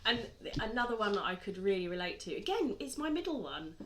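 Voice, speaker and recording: A woman's voice: mid-range voice, sing-song, fast talker, fairly bright tone. A woman, candidly sharing parenting stories and agreeing along in a podcast conversation. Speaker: mother and podcast co-talker. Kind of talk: casual podcast chat.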